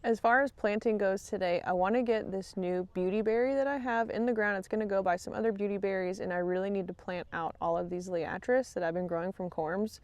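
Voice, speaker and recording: A woman's voice: medium pitch, a little fast, hardly any pauses, no echo. A woman hosting a casual gardening vlog outdoors in her garden, chatty and easily distracted, laughing often. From Texas. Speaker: gardening channel host. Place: outdoor garden on a rainy day.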